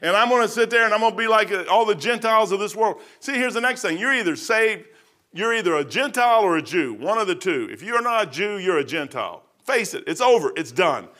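A man's voice: high-pitched, lively intonation, fairly quick, sharp tone. Folksy, fervent middle-aged preacher man. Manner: folksy, repetitive, rising to fervent emphasis. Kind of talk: sermon.

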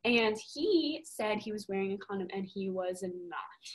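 A young woman co-hosting a podcast, telling a story in a casual, animated way and swearing a lot. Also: mid-range voice, measured pace, poor audio. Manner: animated, profane, emphatic storytelling. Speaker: podcast co-host.

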